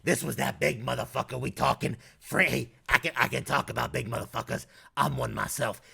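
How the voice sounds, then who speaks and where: A man's voice: mid-range voice, steady tone, a little fast, gravelly, bright, forceful tone, husky. A man from North Carolina with a Southern accent, giving casual, blunt and profane ranking commentary as a YouTuber.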